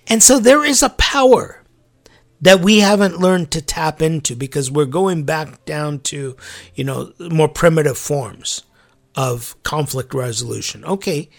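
Gravelly-voiced man musing on defense. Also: on the high side, measured pace. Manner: musing, animated, laughs at own word slips. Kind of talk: reflective sermon-like talk.

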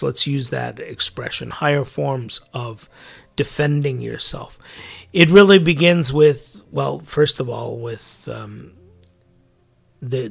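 A man, a church clergyman, giving a reflective sermon-like talk, musing aloud with animated emphasis and laughing at his own slips. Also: mid-range voice, vocal fry.

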